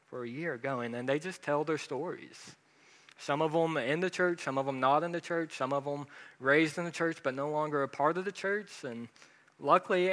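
Male pastor, storytelling sermon, fairly high bright voice, self-mocking humor, long hall echo. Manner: humorous, self-deprecating anecdotes.

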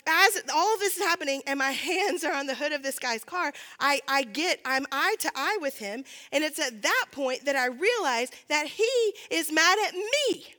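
Bright high-voiced woman preaching. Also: animated, normal speed. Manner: chatty, many fillers, laughs at herself. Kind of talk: sermon with a personal story.

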